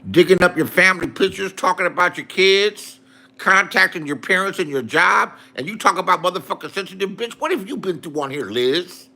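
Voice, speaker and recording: A man's voice: high-pitched, lively intonation, a little fast, creaky, sharp tone. A man in a profane, angry rant to his viewers, repeating insults. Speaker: online streamer.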